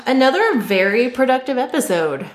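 A woman's voice: high-pitched, sing-song, moderate pace, echoey room. A woman from Nashville, co-hosting a podcast in bubbly, chatty talk with frequent laughter. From Nashville, Tennessee. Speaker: podcast co-host. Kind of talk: casual chat.

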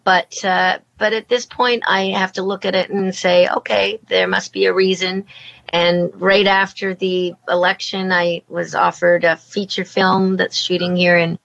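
A middle-aged Canadian woman, a voice actor and former politician, speaks earnestly and reflectively as a guest in a casual interview, often restarting her sentences. Her voice is fairly low and a bit bright, with little pitch movement, a slightly slow pace and hardly any pauses. The recording has a slightly dull, lo-fi quality.

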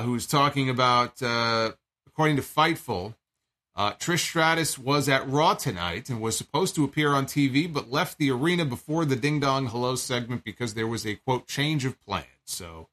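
A man's voice: medium pitch, sharp tone. A man hosting a wrestling talk show, reading an ad and recapping events in a chatty, wry way. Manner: chatty, wry, with fillers and asides. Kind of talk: casual recap and ad read.

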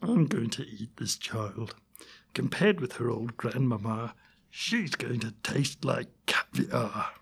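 Man putting on a gravelly greedy wolf. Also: medium pitch, animated, slow, fairly bright tone, full character voice. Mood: gloating. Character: sly hungry male wolf, greedy and leering.

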